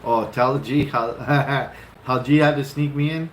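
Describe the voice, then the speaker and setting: Taking his time, a man in his fifties loosely and animatedly tells how he and his wife met, swearing freely and acting out his own reactions. His voice sits in the mid-range. The echoey, roomy space carries steady background noise.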